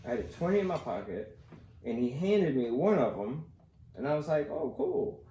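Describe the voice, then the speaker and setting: Young man hosting a podcast, rambling and animated, with a warm, mellow tone in an echoey room with a faint hiss. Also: on the high side, moderate pace. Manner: rambling, animated storytelling with lots of "like". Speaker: podcast host. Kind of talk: casual storytelling chat.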